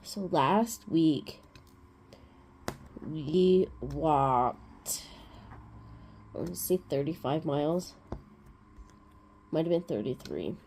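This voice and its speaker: Woman host, casual rambling storyteller, lowish warm tone. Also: animated, drawn-out words, pauses often, slight background noise. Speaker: crafting vlog host. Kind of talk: casual chat.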